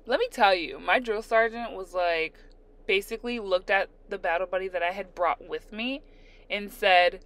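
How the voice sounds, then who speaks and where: A young adult woman casually telling a story while doing her nails, animated and laughing as she re-enacts her own panic. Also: mid-range voice, moderate pace. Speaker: storyteller, nail art vlogger.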